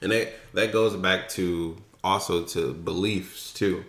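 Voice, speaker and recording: A man's voice: sits low, fairly even intonation, slow pace, a bit bright. A man in casual podcast chat, agreeable and hesitant, filling with "you know". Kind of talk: casual discussion. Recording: echoey room.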